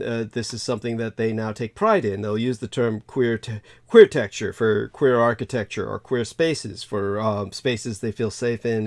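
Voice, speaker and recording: A man with a mid-range voice speaks in casual chat, setting out a point slowly and plainly. He stops often on fillers as he searches for the next word. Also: medium pitch, darkish tone. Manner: measured, explanatory, hesitant with fillers.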